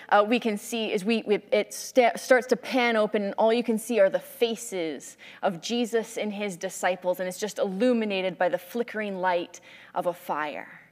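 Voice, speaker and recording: A woman preacher tells Bible stories as if she were directing film scenes, in animated, lively narration. Her pitch sits in the middle, and the sound carries a long hall reverb. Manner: animated storytelling with restarts. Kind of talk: sermon with vivid scene narration.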